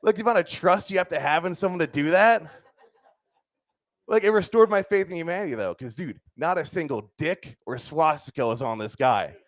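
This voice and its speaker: A young male comic works a club stage with a loose, crude delivery and keeps tagging lines with "dude" and "right?". His voice sits a little high for a man. The handheld mic sound is close and dry, with no echo. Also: brisk. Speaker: stand-up comedian. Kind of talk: stand-up comedy set.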